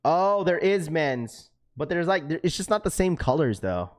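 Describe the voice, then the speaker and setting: A man in his thirties hosts a sneaker livestream, chatting with viewers in an excited, casual way full of slang and the occasional swear word. His voice is on the high side and he talks at a normal speed.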